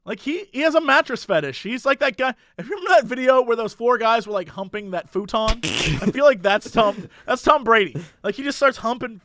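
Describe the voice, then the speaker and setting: A man with an unusually high, bright voice co-hosts a comedy podcast, and his pitch swings animatedly. He tells silly, jokey stories, recorded close and dry. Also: lively intonation, fairly quick, hardly any pauses, no room sound. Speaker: podcast co-host. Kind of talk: casual comedic podcast chat.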